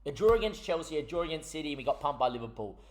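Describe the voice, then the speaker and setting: A young man rants about a football management game, swearing and exasperated. His voice sits fairly high for a man and keeps jumping higher as he fumes. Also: expressive, rapid-fire. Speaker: gaming YouTuber. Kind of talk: ranting game commentary.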